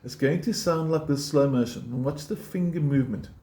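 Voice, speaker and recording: A man's voice: on the high side, fairly quick, warm tone. Patient male guitar teacher, roomy sound. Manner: patient, encouraging, counts beats aloud. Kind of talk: step-by-step guitar lesson.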